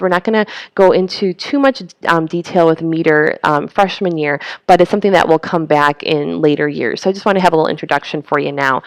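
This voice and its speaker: A woman's voice: low voice, gravelly, no echo. A woman teacher explaining poetry terms in a recorded lecture, with frequent ums. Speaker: high school English teacher.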